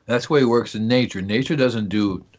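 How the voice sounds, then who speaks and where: Rambling, jokey radio garden-show host. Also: male voice, medium pitch, brisk, muffled recording. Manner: rambling, jokey, talks to himself. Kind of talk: casual call-in gardening talk.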